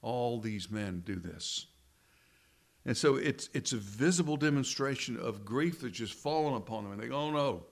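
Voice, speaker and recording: A pastor giving a conversational sermon, asking his listeners rhetorical questions and slowing down to stress key words. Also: medium pitch, lively intonation, vocal fry.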